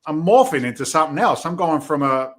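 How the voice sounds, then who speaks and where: A man's voice: fairly high pitch, expressive, fairly quick, a bit bright. A middle-aged man with a Boston accent, a podcast guest telling stories with energy, acting out the quoted lines and swearing casually. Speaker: podcast guest, real estate investor. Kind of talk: animated storytelling in conversation.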